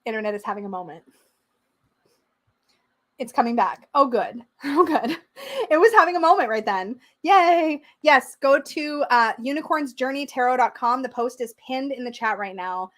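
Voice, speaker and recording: A young woman hosting a casual livestream, chatty and excitable, reading out viewer comments as she goes. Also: on the high side, normal speed. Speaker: tarot livestream host.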